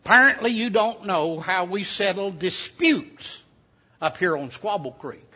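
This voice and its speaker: Preacher doing a sly old mountaineer, high and husky, slow warning drawl. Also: male voice, lively intonation, pushed and bright, heavily acted. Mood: sly, folksy. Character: scrawny ninety-year-old mountain man, stubborn and sly. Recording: dull lo-fi sound.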